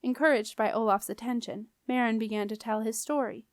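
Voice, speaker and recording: A woman reads a children's novel aloud in a calm, clear and expressive way. Her voice sits fairly high and the recording is close and dry, with no room around it. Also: a little fast, hardly any pauses, no echo. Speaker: audiobook reader. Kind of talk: storybook narration.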